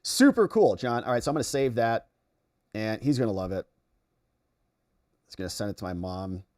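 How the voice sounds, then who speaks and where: Speaking at a normal speed, a U.S. man hosting a political livestream reads viewers' chat aloud and reacts to it. He shifts back and forth between excited outbursts and low muttering.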